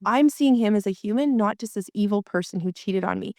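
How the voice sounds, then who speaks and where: A woman's voice: mid-range voice, brisk, dry recording, clean studio sound. A woman marriage coach explaining her methods as a guest in a conversation, acting out inner voices as she goes. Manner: animated, acts out inner voices.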